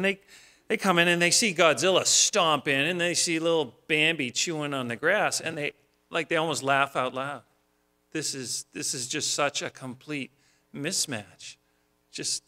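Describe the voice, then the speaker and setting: A man's voice: a little high, sharp tone. A male pastor preaching a sermon in a homely, storytelling way, often repeating words as he starts a phrase.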